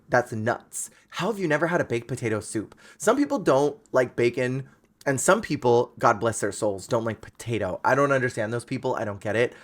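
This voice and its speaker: Man ranting playfully about food. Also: mid-range voice. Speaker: podcast host. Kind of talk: casual chat.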